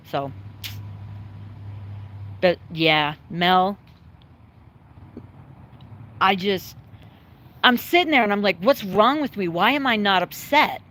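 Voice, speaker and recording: Woman vlogger, casual and rambling, swears a lot, emotional but steady, faint background hiss. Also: low voice. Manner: rambling, candid, swears freely; emotional but calm, choked up at times. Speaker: livestreaming vlogger. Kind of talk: casual chat to viewers. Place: at home, dogs in the yard nearby.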